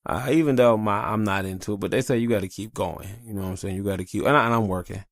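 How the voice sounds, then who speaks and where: A man's voice: on the low side, quick pace, dry recording, studio quality. A tired man hosting a podcast in casual, rambling, profane chat. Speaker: podcast host.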